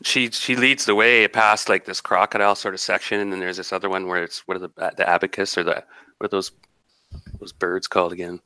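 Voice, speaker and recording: Resonant, forceful game master, dry sound. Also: male voice, deep voice, little pitch movement, a little fast, clean tone, no echo. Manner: rambling, descriptive, many restarts. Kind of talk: narrating a tabletop game.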